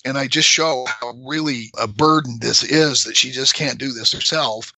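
A middle-aged man explaining scripture in a measured, conversational way, sometimes emphatic. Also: medium pitch, creaky, pushed and bright, dry recording, low-quality recording.

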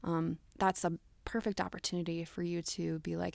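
Fairly low and creaky, this young woman's voice is flat in delivery at a moderate pace with few pauses and no room sound. Hosting casual relationship advice, she chats with plenty of "like" and "you know" and acts out sample dialogue.

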